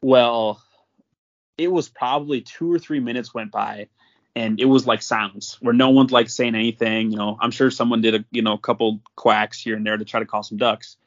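Brief: young man, casual storyteller, mid-pitched, laughing often, muffled lo-fi audio. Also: normal speed. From North Dakota. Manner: animated, laughs often while telling. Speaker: podcast guest.

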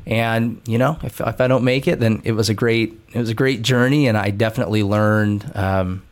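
A man's voice: fairly low pitch, steady tone, normal speed. Earnest man talking about his goals. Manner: earnest, reflective, many restarts. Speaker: guest, endurance coach. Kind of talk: conversational podcast interview.

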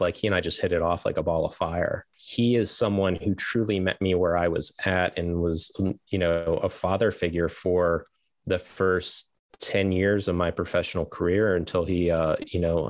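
A middle-aged man with a low voice tells his story as a guest on an interview show. He rambles, restarts his sentences and laughs now and then. The sound is dry, with no room echo. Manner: rambling, self-correcting, laughs as he tells stories.

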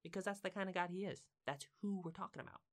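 A man's voice: high-pitched, quick pace. A man teaching from the Bible in a casual, conversational way. He is earnest and emphatic, repeats words for stress and asks his listeners questions.

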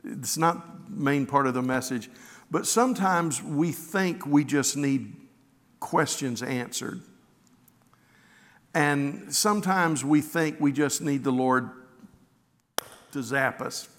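A man's voice: medium pitch, takes it slowly, pauses often, a bit bright. A man preaching a sermon, reading scripture and telling stories in an earnest way, often restarting with repeated words. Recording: long hall reverb.

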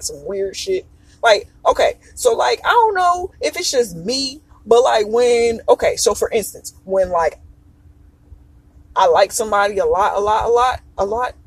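A podcast host chatting casually on their own, in a loose, profane and expressive way with lots of fillers and asides. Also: mid-range voice, slightly rough, dry recording, rough recording. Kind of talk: casual solo podcast chat.

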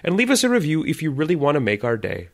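A man co-hosting a casual podcast, his pitch swinging up and down as he talks. He sounds animated and laughs easily, reading the show's outro in a loose, playful way. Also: fast, creaky. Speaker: podcast co-host.

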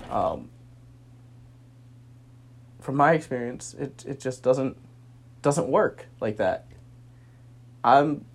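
A man's voice: medium pitch, a little mellow, husky. A young man speaking a personal monologue, earnest and weary, sometimes heated.

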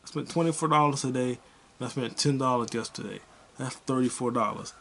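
Profane rambling man with a gravelly voice. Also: mid-range voice, fairly quick, slight background noise. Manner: profane, rambling, animated bursts of excitement. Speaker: podcast host. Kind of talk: casual solo movie review rant.

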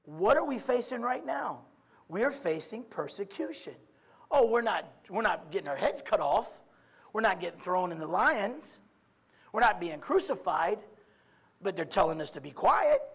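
A man preaching a sermon, swinging from quiet musing to loud shouts, with many stammered restarts and repeated "I mean". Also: high voice, big pitch swings, moderate pace, creaky, husky.

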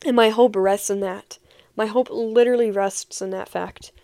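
A young woman shares her personal faith testimony in an earnest, heartfelt way, often repeating a phrase for weight. Her voice sits at an ordinary middle pitch. The recording is dry and close, with no room sound. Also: fairly even intonation, moderate pace, dark tone, dry recording. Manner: earnest, heartfelt, emphatic repetitions. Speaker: podcast host.

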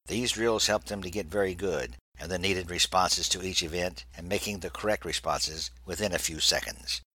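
A man reading a naval story aloud in a steady, measured way. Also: sits low, slightly rough, low-quality recording. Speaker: narrator.

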